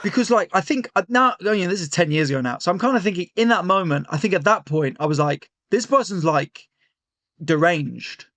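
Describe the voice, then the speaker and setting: Animated young man telling a story. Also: high voice, a little fast, no room sound. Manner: animated storyteller, many fillers and restarts. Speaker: comedian guest. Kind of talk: casual storytelling chat. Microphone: remote call.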